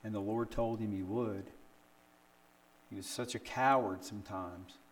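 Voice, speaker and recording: An older man preaching a sermon, telling stories with rhetorical questions and acting out quotes with sudden jumps in pitch. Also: a little slow. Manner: animated storytelling with rhetorical questions. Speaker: pastor.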